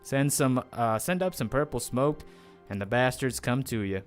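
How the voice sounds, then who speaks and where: A man voicing a blunt, low-born male soldier in a put-on rural country accent, folksy and drawling. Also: animated, normal speed, faint music behind, close to an everyday voice. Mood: gossipy. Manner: drawling, folksy, plain-spoken.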